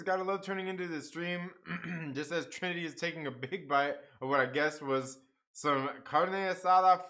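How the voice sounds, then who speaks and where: A man's voice: fairly high pitch, sharp tone. A man hosting a casual late-night live stream, chatting with viewers, swearing and laughing as he eats. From half Mexican family. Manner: profane, laughing, talks to chat while eating.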